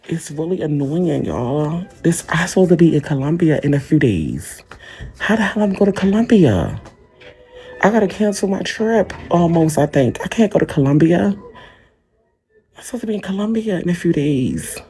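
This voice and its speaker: A man's voice: on the high side, very animated, moderate pace, mellow, slightly rough, soft background music. A man livestreaming from a hospital room on a phone mic, talking straight to his commenters in a defensive, repetitive rant.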